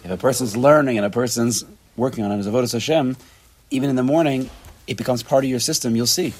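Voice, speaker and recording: A man teaching an informal Torah class to a small group, talking in an animated way that repeats phrases and mixes in Hebrew and Yiddish terms. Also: medium pitch, fast, husky.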